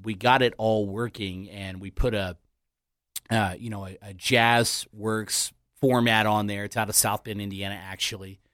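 A man's voice: fairly low pitch, fairly bright tone, no echo. A man with a Western Kentucky accent, a radio DJ guest telling his career story in an easygoing, self-deprecating way in a studio. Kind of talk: casual chat.

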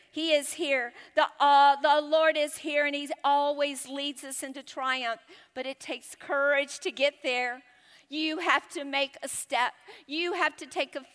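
A woman's voice: high-pitched, a bit bright, in a large hall. A woman preaching a passionate sermon, repeating lines for emphasis.

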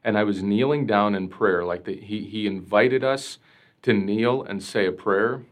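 A priest appearing as a podcast guest, his voice somewhat low, earnestly recalls a personal experience without hurrying. He sounds reflective and heartfelt, often saying "like" and restarting his sentences as he tells the story in conversation.

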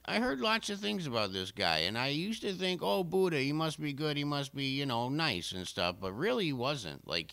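A man voicing a low, mumbling young man who rambles in an improvised comedy podcast bit. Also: pushed and bright, clear, resonant tone, exaggerated voice.

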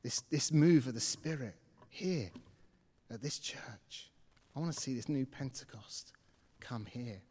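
A man's voice: medium pitch, lively intonation, a little slow, darkish tone, slightly rough, in a large hall. A man preaching a sermon, telling a personal story and acting out his own reactions. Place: church.

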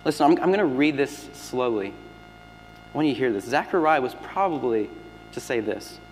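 A man preaching a sermon as pastor, swinging between loud emphatic lines and hushed, near-whispered ones. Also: medium pitch, expressive, normal speed. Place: church sanctuary. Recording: long hall reverb with faint music.

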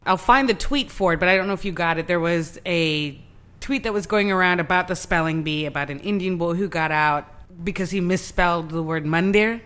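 A woman's voice: lowish voice, a little fast, a bit bright. A woman co-hosting a podcast in casual chat, rambling and laughing between lines.

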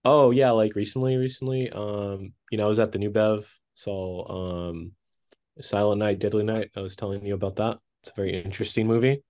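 A man's voice: fairly low pitch, level tone, a little fast, darkish tone. A young man co-hosting a podcast, chatting casually with lots of fillers and laughs. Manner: rambling, laughs often, many fillers. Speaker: podcast co-host. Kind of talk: casual chat.

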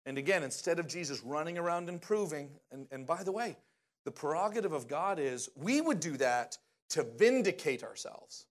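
A man delivering a casual, conversational sermon with a voice a bit higher than most men's. He talks in an animated way and keeps asking his listeners questions. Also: moderate pace. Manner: animated, often asks the audience questions. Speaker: preacher.

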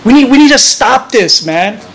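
A man's voice: very high voice, expressive, moderate pace, vocal fry, a bit bright, poor audio. A man preaching a sermon as pastor, earnest and conversational, often restarting his phrases.

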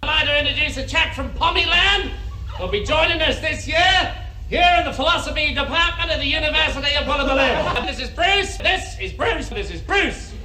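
A man's voice: very high-pitched, lively intonation, moderate pace, sharp tone, heavily acted. An actor playing a jovial male university academic in an old TV drama clip, introducing a newcomer with a laugh. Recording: roomy old TV clip with faint background noise.

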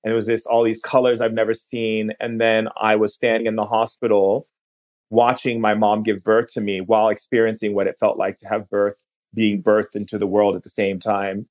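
A man who is a podcast guest, recounting a personal story in an earnest, unhurried way and often slowing down to linger on words. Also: fairly low pitch, level tone, darkish tone.

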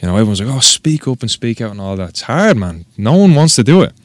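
A man's voice: medium pitch, very animated, fast talker, no room sound. A man with an Irish accent, a tattoo artist guest talking casually on a podcast, rambling and swearing with self-mocking humor.

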